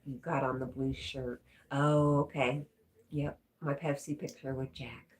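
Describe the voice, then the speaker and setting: A woman's voice: a bass voice, level tone, unhurried, a little mellow. A woman hosting a casual livestream, chatting and reading viewer comments aloud, a little stuffy. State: stuffy, congested. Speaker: livestream host reading chat.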